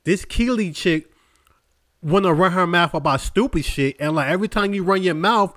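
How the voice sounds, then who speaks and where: A man co-hosts a casual podcast in a slightly high voice, recorded dry and close. He is opinionated and crude, and he airs his views bluntly. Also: normal speed, fairly bright tone, no echo. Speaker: podcast co-host. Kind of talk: casual chat.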